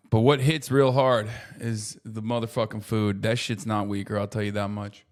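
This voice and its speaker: A man streaming casual commentary, talking in an animated, profane way that keeps breaking into loud mocking rants. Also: lowish voice, normal speed. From United States. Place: traveling in Japan.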